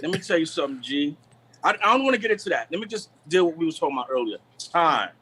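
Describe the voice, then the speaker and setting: Man, somewhat high voice, preachy teaching tone, video call, keeps repeating himself. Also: big pitch swings, racing, bright, forceful tone, breathy edge, low-quality recording. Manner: preachy, repeats "you know what I'm saying". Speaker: guest. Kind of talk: live stream talk on word meanings.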